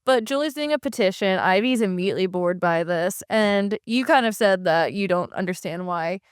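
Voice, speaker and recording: A woman's voice: medium pitch, animated, moderate pace, smooth, dry recording, studio quality. A woman co-hosting a podcast, recapping a story in casual chat with many fillers. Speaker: podcast co-host.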